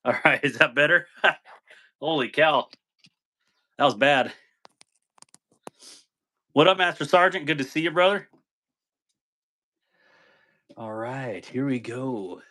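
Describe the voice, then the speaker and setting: A man's voice: mid-range voice, lively intonation, unhurried, long pauses, bright, forceful tone. A man hosting a casual live stream, greeting viewers by name, chatting loosely and laughing easily.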